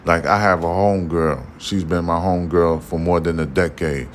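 A man's voice: low voice, fairly even intonation, moderate pace, slight background noise. A man hosting a podcast alone, talking casually in a blunt, profane, preachy way that keeps checking in with listeners. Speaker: podcast host. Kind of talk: casual monologue.

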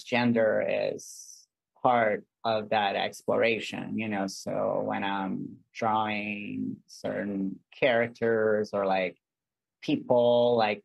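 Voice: deep voice, gravelly, no echo, poor audio. A guest artist talking in a casual interview, earnest and rambling, with lots of "like" and "um.".

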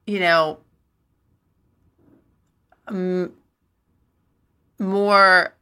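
A woman's voice: fairly low pitch, bright, forceful tone. A woman, middle-aged, hosting a podcast and telling frank personal stories in a rambling, breathless way, laughing often. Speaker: podcast host. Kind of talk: candid personal storytelling.

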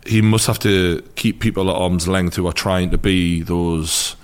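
A man with a Geordie accent interviewing a guest in a relaxed, conversational way, asking long, drawn-out questions. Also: deep voice, clean tone. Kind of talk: casual interview chat.

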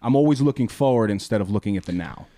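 Earnest low-voiced man in casual chat. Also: lively intonation, warm tone, no echo. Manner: earnest, halting, many restarts. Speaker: podcast co-host.

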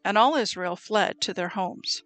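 Calm woman reading scripture. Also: mid-range voice, measured pace, soft background music. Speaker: scripture reader.

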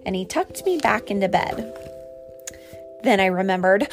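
A woman's voice: mid-range voice, lively intonation, a little slow, long pauses, faint music behind. Woman reading a picture book aloud. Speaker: reader.

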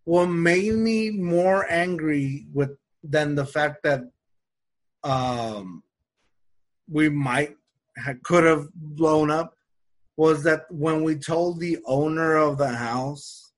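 A man telling a story in casual chat, animated and acting out the people he quotes. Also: a little high, takes it slowly. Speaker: storyteller in a conversation.

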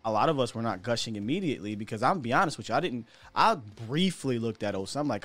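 A man from the United States riffs through casual sports talk as host, candid and slangy, chuckling between points. His voice sits at an ordinary middle pitch and comes across close and dry. Soft music plays faintly underneath. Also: lively intonation, fast talker, few pauses, dry recording. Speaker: podcast host.

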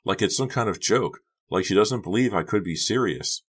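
A man voicing a high-strung, upset teenage girl who talks shrilly and anxiously in an audiobook. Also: moderate pace, breathy edge. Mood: distraught. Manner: shrill and agitated. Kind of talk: audiobook character voice.

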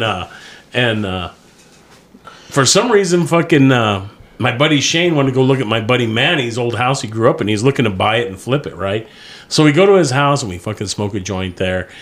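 A middle-aged man from spins a story with a lively, swooping pitch. He swears constantly and laughs in the middle of his own telling, in a loose podcast chat among friends. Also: moderate pace. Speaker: podcast co-host.

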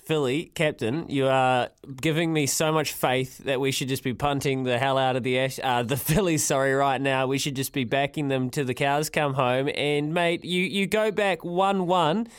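A man's voice: mid-range voice, steady tone, moderate pace, few pauses, smooth, dry recording, studio quality. A man hosting a casual radio chat, jokey and laughing often. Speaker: radio host.

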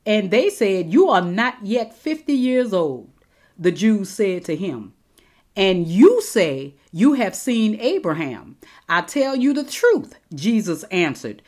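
Animated woman teaching scripture. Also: medium pitch. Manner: animated, slows down and stresses quoted scripture. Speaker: bible teacher. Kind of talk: sermon-style bible teaching. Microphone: recorded teaching episode.

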